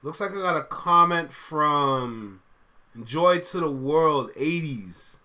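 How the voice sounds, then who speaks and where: A man's voice: on the high side, expressive, takes it slowly, sharp tone. A Canadian man hosting a casual reaction video, chatty and upbeat, laughing often. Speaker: host reacting to a livestream.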